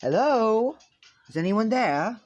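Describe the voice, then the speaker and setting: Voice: medium pitch, sing-song, measured pace, darkish tone, breathy edge, highs cut off, voice pushed up, heavily acted. A narrator putting on a polite, wondering boy. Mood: curious. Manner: polite, old-fashioned exclamations. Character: polite wondering teen boy, centuries old. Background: faint video game music.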